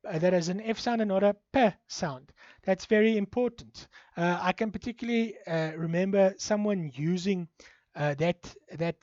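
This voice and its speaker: A man's voice: sits high, a little mellow, dry recording, dull audio. A man with an Afrikaans accent from South Africa, giving a recorded university lecture, hesitant and full of fillers.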